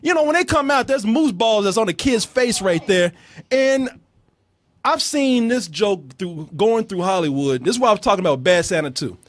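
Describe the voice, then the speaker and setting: A man hosting a casual movie review chat, ranting in a profane, animated way. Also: high voice, moderate pace. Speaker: movie review show host.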